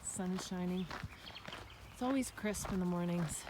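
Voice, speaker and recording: A woman's voice: fairly low pitch, moderate pace, background noise. A woman chatting upbeat and easily into a handheld phone while walking outdoors on a rural trail, laughing easily. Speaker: vlogger on a long-distance walk. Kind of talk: casual travel vlog.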